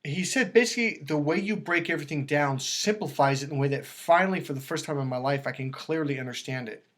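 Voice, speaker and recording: A man talking as a dating coach, emphatic and lively, acting out quoted voices as he explains. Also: fairly high pitch, fast. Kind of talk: animated coaching talk.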